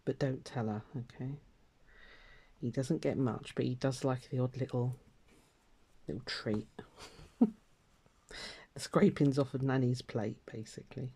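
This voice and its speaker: An older woman rambles through a casual catch-up as she stitches, her voice mellow and soft-edged. She drifts between topics with plenty of fillers and light laughter. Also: very deep voice, slightly rough. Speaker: craft vlogger. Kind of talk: casual chat while stitching.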